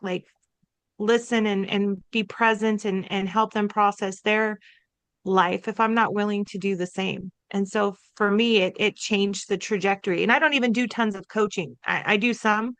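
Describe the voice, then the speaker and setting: A woman co-hosting a podcast, telling a personal story in a chatty, animated way and acting out quotes from herself and others. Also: medium pitch, normal speed, no room sound. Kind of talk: casual conversational storytelling.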